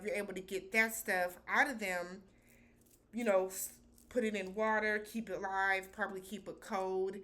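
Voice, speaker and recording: A woman's voice: mid-range voice, a bit bright. A woman recapping a TV episode in a loose, chatty way, with slangy phrasing and lots of filler words. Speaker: TV show reviewer.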